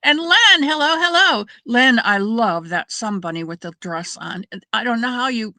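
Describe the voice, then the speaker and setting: A woman's voice: a little high, expressive, moderate pace, bright, forceful tone, dry recording. A middle-aged woman hosting a crafting livestream, chatting casually and rambling as she greets viewers by name. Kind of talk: casual chat with live viewers.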